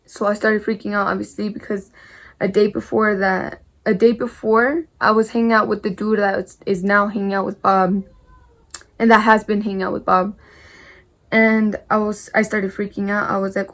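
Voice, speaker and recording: Young woman with a flat, gravelly drawl. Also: medium pitch, moderate pace. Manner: rambling, repetitive, peppered with "like" and mild swearing. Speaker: vlogger. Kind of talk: casual story time while doing makeup.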